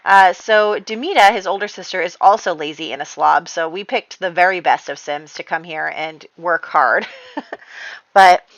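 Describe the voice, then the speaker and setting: Giggly woman chatting through her sims game, bright voice, dry kinda dull audio. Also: on the low side, normal speed, no echo. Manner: chatty, giggly, heavy use of "like". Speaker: game let's-player. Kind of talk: casual gameplay commentary.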